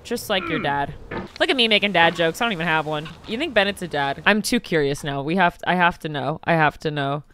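A woman giving casual, chatty commentary while streaming a video game, sarcastic and swearing, with sudden loud squeals. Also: lowish voice, expressive, a little fast, a little hiss or hum.

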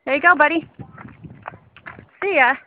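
A woman's voice: high-pitched, measured pace, phone-quality sound, a little hiss or hum. A woman talking sweetly to her dog in a casual home video outdoors. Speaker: dog owner filming her pet.

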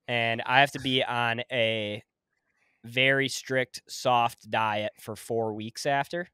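A man's voice: mid-range voice, takes it slowly, clean tone, dry recording, clean studio sound. Joking young man on a podcast. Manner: relaxed, joking, swears. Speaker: podcast co-host. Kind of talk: casual chat.

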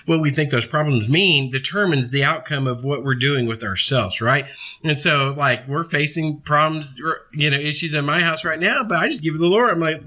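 A man's voice: on the high side, pushed and bright. A man in his thirties leading a casual Bible study, talking conversationally and asking and answering his own questions. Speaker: preacher.

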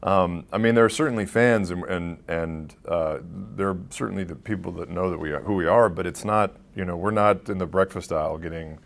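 A man's voice: deep voice, brisk, creaky, hardly any pauses. A man working as a voice actor, answering interview questions in a rambling, casual way and laughing often. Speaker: voice actor guest.

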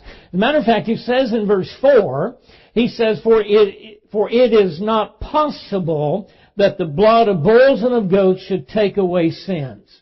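Southern male pastor, high-pitched, sermon delivery with scripture reading, muffled lo-fi church tape. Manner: preaching, reading scripture aloud with emphasis.

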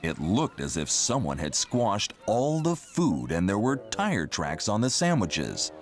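A man reading a children's story aloud in an expressive, unhurried way. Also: on the low side. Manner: slow, very animated expressive reading. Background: music.

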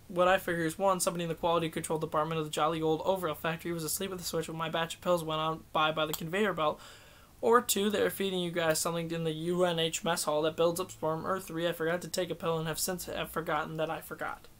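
Defiant, sardonic young woman, clipped retorts; man doing the voice in a higher pitch. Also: level tone, fast talker, fairly bright tone, close to an everyday voice. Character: sharp-tongued young woman, defiant and flip.

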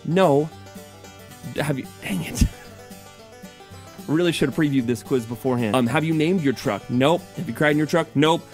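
A man's voice: fairly high pitch, normal speed, pauses often, darkish tone, faint music behind. A man from the American Midwest joking his way through a quiz in a teasing, self-mocking vlog style. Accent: put-on Southern drawl at times. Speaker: YouTuber. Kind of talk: casual comedic vlog, quiz commentary.

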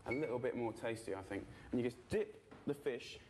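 A man's voice: mid-range voice, brisk, a little mellow, slight background noise. A man hosting a cooking show, talking casually and loosely with many fillers as he demonstrates a dish. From England. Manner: chatty, loose, full of fillers.

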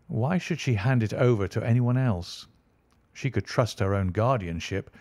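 A man voicing a sharp, confident male detective in an audiobook, speaking in a crisp, commanding way. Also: lowish voice, dry recording, natural voice. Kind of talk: audiobook reading.

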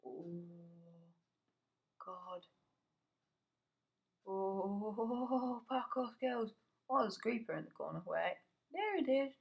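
A man's voice: high voice, expressive, slow pace, gravelly, pauses often. Jumpy teen guy talking over his game, mutters a lot and yelps at scares. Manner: jumpy, swears, yelps when startled, mutters to himself. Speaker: gamer. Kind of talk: casual gameplay commentary.

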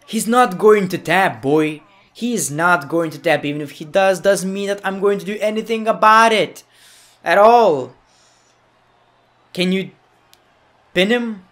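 Goofy high-voiced young gaming commentator. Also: male voice, measured pace, pauses often, a bit bright. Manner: goofy, playful, mock-angry outbursts. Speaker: gaming YouTuber. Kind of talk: gameplay commentary.

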